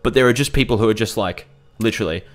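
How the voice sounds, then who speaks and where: A young man hosting a let's play, ranting through his gameplay commentary in a profane, animated way. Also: fairly low pitch, fast talker. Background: faint game music.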